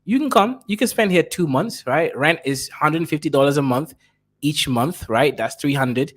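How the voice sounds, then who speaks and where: A man's voice: on the high side, animated, normal speed. A man giving blunt, crude reaction commentary who keeps tagging his points with a question.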